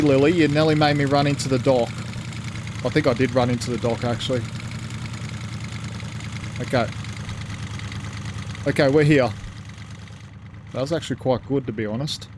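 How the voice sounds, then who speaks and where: A man's voice: a little high, noisy background. A man streaming a ship game live, rambling as he thinks aloud and thanks his chat.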